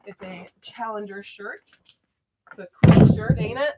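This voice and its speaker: A woman's voice: mid-range voice, measured pace, lo-fi sound, very noisy. Young woman vlogger rambling thru a storytime, lots of ums and likes, chatty. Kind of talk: casual storytime vlog.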